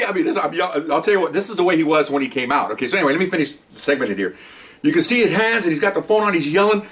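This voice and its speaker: Brief: quick, chatty retired policeman in his sixties spinning a yarn, distant mic. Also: sits high, expressive, fairly bright tone. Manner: chatty and rambling, with frequent restarts. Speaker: retired police officer telling stories. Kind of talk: casual spoken anecdote.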